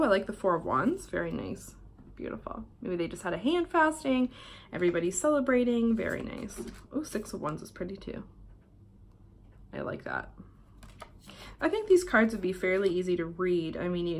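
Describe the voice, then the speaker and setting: A young adult woman from Canada, chatting casually through a tarot deck unboxing in a hotel room, swearing offhandedly and drifting into soft asides. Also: fairly low pitch. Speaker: tarot vlogger. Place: hotel room while travelling.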